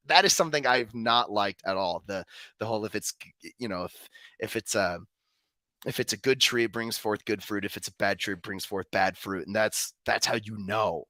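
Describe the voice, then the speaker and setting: A young man talks in a casual discussion, his voice bright and pointed. He wanders through his thoughts with fillers and false starts, recorded dry with no room sound. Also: medium pitch, normal speed, no echo. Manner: rambling, many fillers and restarts. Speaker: co-host.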